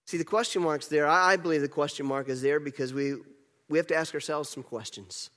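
A male pastor gives a conversational sermon and piles up repeated rhetorical questions. His voice is on the high side for a man. The sound carries a long church-hall echo. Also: fairly quick, fairly bright tone.

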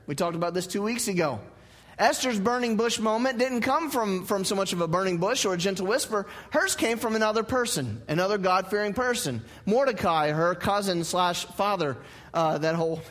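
High-voiced pastor in a reverberant hall. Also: male voice, fairly bright tone. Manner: conversational and joking, repeating key phrases. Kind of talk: sermon. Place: church sanctuary.

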